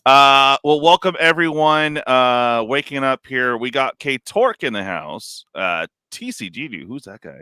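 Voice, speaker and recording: A man hosting a casual live stream, rambling and animated, full of fillers like "dude" and "like". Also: mid-range voice, unhurried, hardly any pauses, clean tone, no room sound, studio quality. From California. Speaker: stream host.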